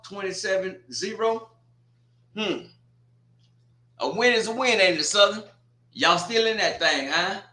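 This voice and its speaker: A man's voice: sits high, pushed and bright, reverberant. A man hosting a watch party, running through scores with blunt, teasing trash talk. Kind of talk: casual score rundown and commentary.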